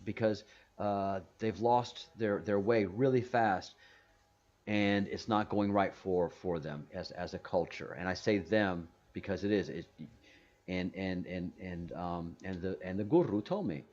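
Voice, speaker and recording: Casting: low-pitched man, rambling host, lots of restarts, dull muffled call audio. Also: unhurried, darkish tone. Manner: rambling, many restarts and repeated words. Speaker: stream host. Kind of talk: casual video call chat.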